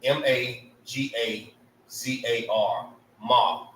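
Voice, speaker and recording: Man, language teacher, slow delivery, relaxed, keeps asking "right?", roomy sound, far from mic. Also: medium pitch. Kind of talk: casual language lesson.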